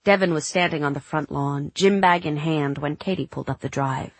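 A woman narrating a novel as an audiobook in a measured, literary reading. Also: low voice, no echo. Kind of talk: scripted narration.

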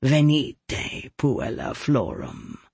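A man voicing a sultry cat woman with a low growling voice and slow, hushed, beckoning speech in a storybook. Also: huge pitch swings, vocal fry, husky, no room sound, exaggerated voice. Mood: low coaxing.

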